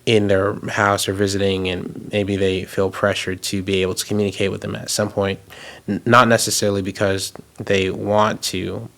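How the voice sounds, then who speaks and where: A male podcast host who explains his points carefully and at a measured pace. His voice sits somewhat low and stays fairly flat, with little rise and fall. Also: gravelly. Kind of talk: podcast conversation.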